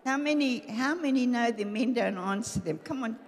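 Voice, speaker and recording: Lively older woman preaching in a hall. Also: a little high, normal speed, noisy background. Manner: lively, humorous, acts out voices of husband and wives. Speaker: pastor's wife preaching. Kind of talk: sermon. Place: church hall.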